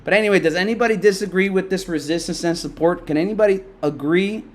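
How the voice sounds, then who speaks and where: A man's voice: high voice, quick pace. A middle-aged man hosting a casual live stock market stream, loose and profane, talking straight to his chat. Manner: loose, profane, talks to chat, laughs a lot. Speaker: livestream stock market host.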